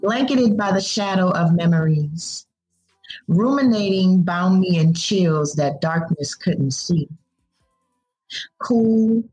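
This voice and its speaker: A woman poet reciting spoken word poetry with measured, deliberate delivery, and talking casually about her writing. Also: lowish voice, a little mellow, breathy edge, rough recording. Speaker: poet guest.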